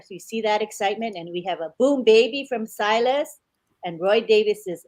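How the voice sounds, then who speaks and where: A woman hosting a live webinar, reading viewer comments aloud in an upbeat, steady way. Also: mid-range voice, moderate pace.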